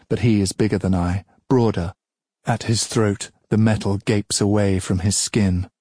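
Brief: male audiobook narrator, low husky voice, solemn and measured. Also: a little mellow, no room sound, clean studio sound.

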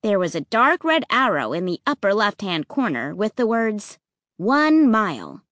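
Expressive woman reading a spooky kids' story. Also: medium pitch, moderate pace, no room sound, studio quality. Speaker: audiobook narrator. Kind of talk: first-person storybook narration.

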